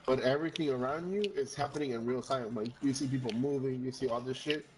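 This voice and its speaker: A man's voice: medium pitch, quick pace, background noise. A man chatting with gaming friends, telling a long rambling story, swearing often and slipping into Spanish phrases. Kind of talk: casual storytelling chat.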